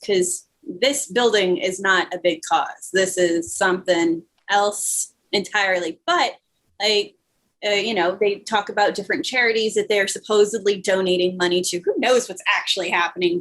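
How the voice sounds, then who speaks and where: A breezy young woman with a do-good streak, as a woman game master puts her on. She chats in a casual, upbeat way at an easy middle pitch. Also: a bit bright, natural voice.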